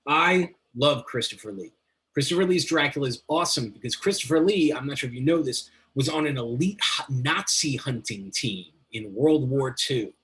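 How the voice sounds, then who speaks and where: Chatty, swearing male guest, mid-pitched voice, runs on with excitement. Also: normal speed. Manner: rambling, enthusiastic, swears freely. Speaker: guest, metal journalist. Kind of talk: casual interview talk.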